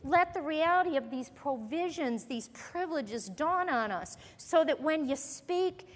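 A woman's voice: high-pitched, animated, measured pace. A woman teaching a Bible lesson in a sermon style, earnest and emphatic as she quotes scripture. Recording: long hall reverb.

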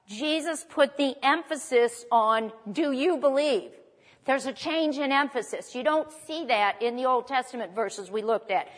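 A woman preaching a sermon, reading scripture aloud with dramatic pauses and then explaining it to the congregation. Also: fairly high pitch, in a large hall.

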